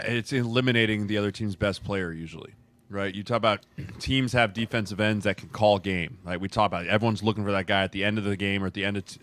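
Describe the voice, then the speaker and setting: A man's voice: lowish voice, fairly bright tone. A man who coaches college linemen, breaking down football in a casual chat and often checking in with "right?". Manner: explanatory, keeps asking "right?". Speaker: college offensive line coach, podcast co-host.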